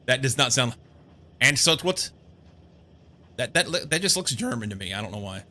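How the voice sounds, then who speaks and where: A man's voice: mid-range voice, big pitch swings, normal speed, pushed and bright. A man casually commenting on his game as he plays, rambling and amused, thinking aloud. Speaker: gameplay streamer.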